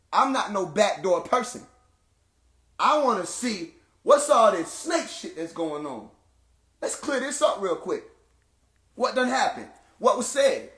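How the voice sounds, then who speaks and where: High-pitched aave guy ranting to his viewers, heated, lots of emphasis, roomy echo. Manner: animated, heated and emphatic, with vernacular slang. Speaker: speaker addressing viewers. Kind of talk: casual storytelling rant.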